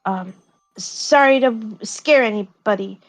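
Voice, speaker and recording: A woman voicing a shy young woman spellcaster who speaks haltingly and protectively about her dog. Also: mid-range voice. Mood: nervous. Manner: hesitant, halting, many fillers.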